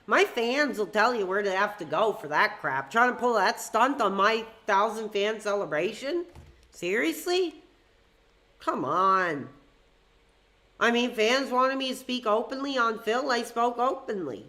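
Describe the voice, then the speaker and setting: Bright-voiced woman streamer ranting. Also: fairly high pitch, moderate pace, few pauses. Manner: heated, ranting, swears. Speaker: streamer hosting call-ins. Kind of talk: live-stream chat with fans.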